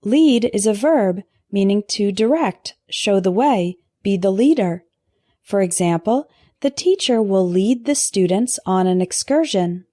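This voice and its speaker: Slow, careful woman teaching English words. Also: medium pitch, expressive, dark tone, dry recording, clean studio sound. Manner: slow, careful pronunciation drills. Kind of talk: scripted vocabulary lesson.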